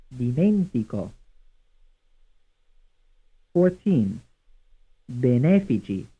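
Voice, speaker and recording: A man reading a language course drill slowly and deliberately, saying each word twice. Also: mid-range voice, husky. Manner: reads words twice, evenly paced. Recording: tinny, phone-like old course audio.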